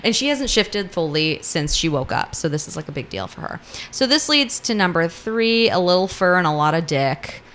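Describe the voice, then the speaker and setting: A woman's voice: on the low side, big pitch swings, moderate pace, fairly bright tone, a little hiss or hum. A woman co-hosting a podcast, casually recapping a book plot in a chatty way, swearing freely and laughing often. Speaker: podcast co-host.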